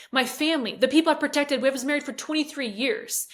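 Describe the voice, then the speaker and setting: A woman's voice: high voice, fast, few pauses. Candid, emotional woman interview guest. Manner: candid, emotional storytelling with hesitations. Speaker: fitness coach guest. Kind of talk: interview conversation.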